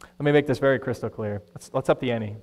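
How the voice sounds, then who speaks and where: A man preaching a sermon as pastor, conversational and animated, acting out the voices he quotes. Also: mid-range voice, fast talker, in a large hall.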